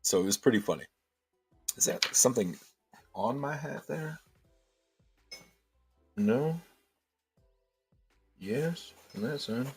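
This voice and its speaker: A man's voice: medium pitch, animated, takes it slowly, long pauses, a little mellow, soft background music. A man hosting a casual livestream, thinking aloud and answering chat with many restarts.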